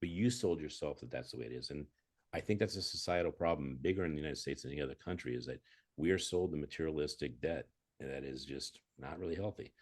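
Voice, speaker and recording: Male interview guest, extremely low voice, calm and earnest, anecdotal. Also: fast talker. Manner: earnest, anecdotal, self-assured. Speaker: guest entrepreneur. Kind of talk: conversational interview.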